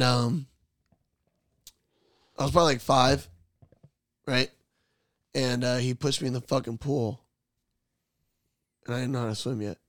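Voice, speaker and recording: A young man hosting a podcast, telling animated, profanity-filled childhood stories to his friends and acting out the people in them. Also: mid-range voice, creaky, no echo, clean studio sound. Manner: animated, swears a lot, acts out voices in his stories. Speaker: podcast host. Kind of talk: casual storytelling among friends.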